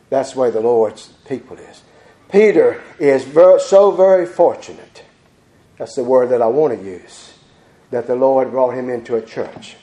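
A man's voice: medium pitch, lively intonation, normal speed, dark tone. A man preaching a sermon, fervent and repetitive, stumbling over restarts. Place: church sanctuary. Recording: echoey church hall.

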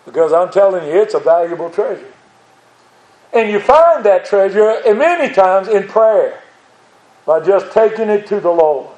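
Older preacher with a high, echoey voice. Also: male voice, expressive, normal speed, a little mellow. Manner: folksy, earnest, rising to pleading emphasis. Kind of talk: sermon.

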